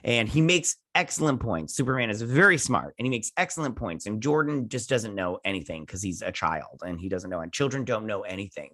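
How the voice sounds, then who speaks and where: A man's voice: mid-range voice, a bit bright, no echo, clean studio sound. A man hosting a casual review, rambling through an episode recap and quoting characters with offhand jokes. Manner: rambling, quotes characters with "he's like"; offhand joking asides.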